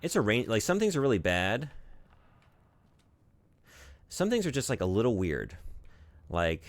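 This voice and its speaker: Deep-voiced, lively rambling male streamer. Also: moderate pace, creaky, no echo. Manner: rambling, filler-heavy, swears casually. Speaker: game streamer. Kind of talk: casual gaming stream chat.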